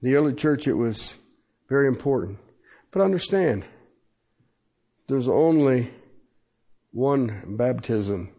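A man preaches as pastor in a church, his voice medium in pitch and dark in tone, animated yet slow with frequent pauses. He's emphatic and repetitive, shifting pace suddenly and repeatedly asking "Okay?".

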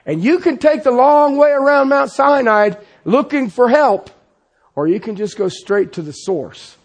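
Man, pastor, sermon, impassioned, lively rising and falling pitch. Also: measured pace. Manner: impassioned preaching, swings from loud to hushed.

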